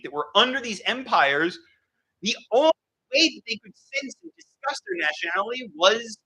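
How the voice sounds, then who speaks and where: A man giving an academic history lecture, animated and thinking aloud with frequent fillers. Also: on the high side, low-quality recording.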